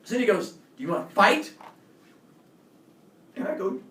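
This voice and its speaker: A man casually telling a personal story as a podcast host, animated, acting out quotes with loud jumps. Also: sits high, a little slow. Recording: echoey room, mic at a distance.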